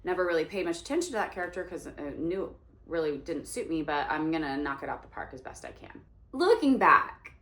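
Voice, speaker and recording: An actress and singer in her forties tells a story as a monologue, animated and acting out the voices of the people in it. Her voice is low-pitched, recorded in an indoor room in New York with roomy echo.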